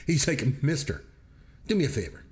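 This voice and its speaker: A man's voice: fairly high pitch, big pitch swings, moderate pace, darkish tone. A man co-hosting a movie review podcast, retelling scenes in a casual chat and laughing often as he goes. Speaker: podcast co-host.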